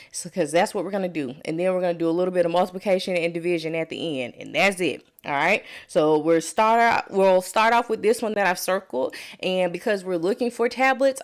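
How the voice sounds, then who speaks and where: A woman with a Southern US accent, a nurse tutoring students live, chatty and prone to side tangents as she walks through each step. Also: fairly low pitch. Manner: chatty, digressive, talks step by step. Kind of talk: live dosage calculation tutorial.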